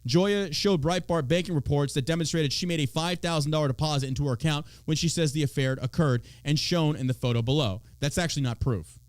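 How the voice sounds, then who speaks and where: A man's voice: a little high, a little fast, few pauses, no room sound. A man from Texas hosting a podcast, ranting about politics in a mocking, profane way and swearing freely. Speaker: podcast host.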